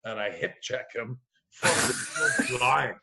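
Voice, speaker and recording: A middle-aged man from Quebec, a comedian telling a rowdy story in casual chat, profane and animated, acting out the voices of the people in it. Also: mid-range voice, slow pace, gravelly, heavy background noise. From Quebec, Canada. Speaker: comedian guest.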